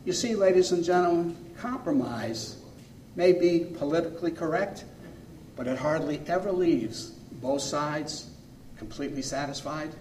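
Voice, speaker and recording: A man preaching a sermon as a pastor, earnest, pausing phrase by phrase and swinging between loud and soft. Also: a little high, a little hiss or hum. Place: church sanctuary. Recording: echoey room, mic far off.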